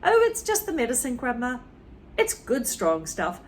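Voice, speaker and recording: A woman's voice: on the high side, wildly swooping pitch, moderate pace, pitched above the performer's own voice. A woman voicing a cheeky young boy who sounds falsely innocent and eager, reading a children's story aloud.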